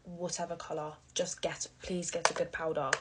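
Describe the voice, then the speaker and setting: A woman's voice: sits low, flat delivery, moderate pace, very noisy. A young woman, chatting through a casual makeup tutorial as a vlogger, gushing and repeating words for emphasis, with plenty of "like".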